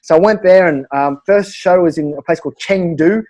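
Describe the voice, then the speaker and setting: An Australian man, a stand-up comedian, telling animated stories in casual chat with quick restarts and laughs. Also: high-pitched. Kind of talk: casual storytelling.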